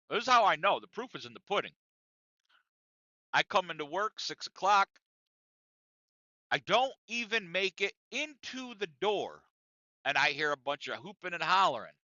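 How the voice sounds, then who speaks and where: A man hosting a podcast, telling a profane comic story in an animated, conversational way, in a dry, dull lo-fi recording. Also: high-pitched, no echo. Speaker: podcast host.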